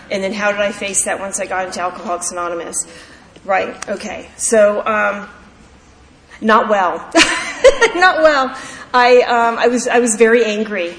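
A woman candidly sharing her personal recovery story at a meeting, in a heartfelt storytelling manner. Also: mid-range voice. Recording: echoey hall with faint background noise.

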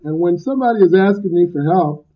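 A man speaking at a recovery meeting about his own recovery, blunt and emphatic, loud at times and cracking jokes. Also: sits high, expressive, fast. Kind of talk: personal recovery talk. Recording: dull lo-fi recording.

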